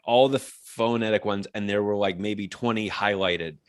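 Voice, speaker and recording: A man in his thirties, a guest chatting casually on a podcast, telling stories with lively pitch jumps when he mimics others. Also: normal speed, clear, resonant tone, no echo. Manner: animated storytelling, mimics voices with pitch jumps. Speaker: guest, music writer.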